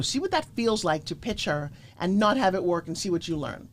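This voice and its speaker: A middle-aged woman from Florida, a guest pitch coach telling motivational stories emphatically and acting out quoted lines. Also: fast, hardly any pauses. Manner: emphatic, animated, acts out quotes. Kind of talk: energetic motivational storytelling.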